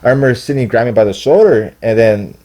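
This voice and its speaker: A man's voice: mid-range voice, fast talker, dark tone. A young man telling a long story in casual podcast chat, rambling and profane, acting out what people said. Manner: rambling, profane, acts out quotes. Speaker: podcast guest.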